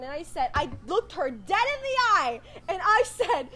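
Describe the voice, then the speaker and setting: Young woman, very high voice, animated, laughing, crude, podcast story over video call. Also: moderate pace, hardly any pauses. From Canada. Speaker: podcast co-host.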